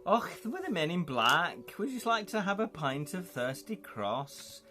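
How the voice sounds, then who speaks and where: A man's voice: high voice, very animated, measured pace, bright, forceful tone, soft background music, pitched above the performer's own voice, heavily acted. A man voicing a jokey male secret agent in a hammy put-on Scottish accent.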